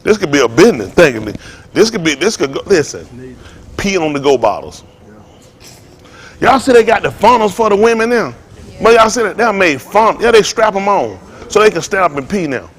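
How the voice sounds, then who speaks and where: High-voiced man preaching, cracking jokes and shouting, voice jumps all over. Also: very animated, fairly quick. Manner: joking, laughing and shouting to the crowd. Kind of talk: comic sermon talk to a congregation.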